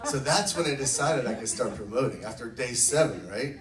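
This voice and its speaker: Talking a little fast in a medium-pitched voice, a man shares his network marketing story with a group, excitedly acting out other people's lines. The far-off mic catches an echoey room, and the recording is very noisy.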